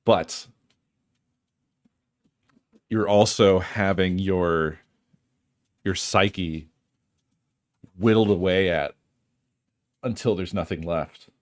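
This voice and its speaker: A man's voice: low-pitched, very slow, pauses often. A male streamer in casual chat with his viewers, musing in a dry, wry way and swearing freely.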